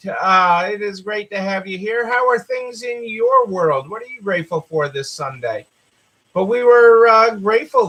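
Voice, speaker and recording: A man with a Southern American accent chats casually as host of a live stream. His voice sits very high and sounds bright and forceful. He rambles, circles back to repeat phrases, and fills pauses with uhs. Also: low-quality recording.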